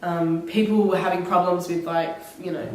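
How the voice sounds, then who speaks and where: A young Australian woman with a cold, telling travel stories in an animated, laughing vlog chat. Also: fairly low pitch, normal speed. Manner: enthusiastic, animated, laughing retellings with put-on quotes. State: has a cold. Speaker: vlogger. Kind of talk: casual chatty storytelling. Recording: very echoey room, mic at a distance.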